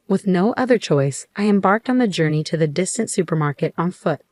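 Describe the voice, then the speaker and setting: Low-voiced woman narrating a story. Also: lively intonation, fairly quick, a little mellow, no echo. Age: 30s. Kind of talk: scripted first-person story narration.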